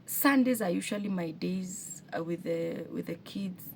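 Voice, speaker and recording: A woman's voice: on the low side, a little slow, creaky, slight background noise. Earnest Kenyan woman telling a painful story. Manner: emotional, earnest retelling with frequent restarts. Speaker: single mother vlogger. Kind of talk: personal storytelling to camera.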